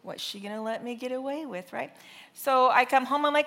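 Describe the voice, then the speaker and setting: Woman preacher, 30s, bright slightly high voice, animated storyteller. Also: brisk. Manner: storytelling with animated, exaggerated re-enactments. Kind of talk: sermon.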